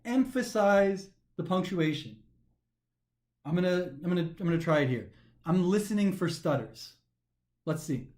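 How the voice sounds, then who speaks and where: A man teaching a recorded grammar lesson for a test, talking animatedly and slowing down to stress the pauses as he reads sentences aloud, sometimes tripping over his words. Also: high-pitched. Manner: animated, emphatic, slows down to stress pauses when reading aloud. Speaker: test prep instructor.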